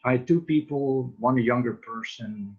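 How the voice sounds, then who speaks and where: Earnest man, husky voice, slow halting delivery, muffled video call audio. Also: medium pitch. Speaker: wellness practitioner guest. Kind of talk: casual video call chat.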